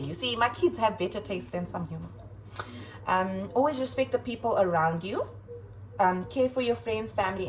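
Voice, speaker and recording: A woman schoolteacher chatting casually in her home kitchen as she reads out quotes and adds playful, expressive asides. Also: fairly low pitch, low-quality recording. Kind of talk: casual vlog chat reading kids' quotes aloud.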